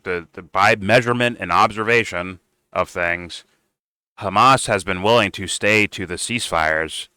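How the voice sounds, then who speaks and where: A man's voice: fairly low pitch, sharp tone, clean tone, dry recording, rough recording. Blunt, profane male commentator. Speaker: political commentator. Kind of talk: casual reaction commentary.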